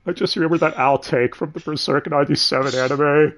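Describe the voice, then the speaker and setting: A man hosting a casual, profane review of an anime dub, sardonic and quick to laugh. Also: fairly high pitch, fairly even intonation, fairly bright tone. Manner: sardonic, swears freely, laughs often.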